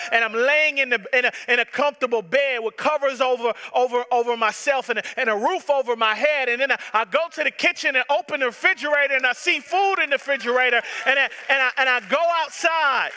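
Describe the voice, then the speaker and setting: Impassioned high-voiced male preacher. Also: sharp tone, smooth. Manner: impassioned preaching with emphatic repetition. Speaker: pastor. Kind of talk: sermon. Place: church sanctuary. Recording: long reverb of a large hall.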